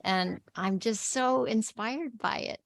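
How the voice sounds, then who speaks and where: A woman from El Paso with a light Texan accent, hosting a casual interview and talking enthusiastically with some halting restarts. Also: on the high side, creaky, no room sound. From El Paso, Texas. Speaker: podcast host.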